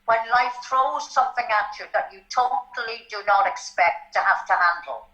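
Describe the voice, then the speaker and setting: Bright-voiced older Irish woman. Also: a little high, normal speed. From Ireland. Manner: animated, tag questions like "right?". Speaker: guest. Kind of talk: candid storytelling interview. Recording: dull lo-fi sound.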